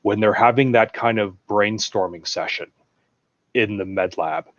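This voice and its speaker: In a measured, lowish voice with no room sound, a prop-building podcast guest chats casually about films. The dull, lo-fi recording captures his eager, digressive enthusiasm for sharing trivia and props he's made.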